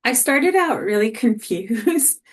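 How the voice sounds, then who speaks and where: A woman's voice: fairly high pitch, animated, slow pace, slightly rough. A woman shares her thoughts in a group discussion. She talks in a casual, chatty way, with plenty of "like" and "you know". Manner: chatty, lots of "like" fillers. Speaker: workshop participant.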